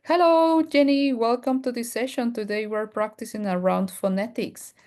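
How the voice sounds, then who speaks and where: A woman with a Mexican Spanish accent, a native Spanish speaker, teaching an online English pronunciation class and slowly repeating model words. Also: mid-range voice, a little mellow.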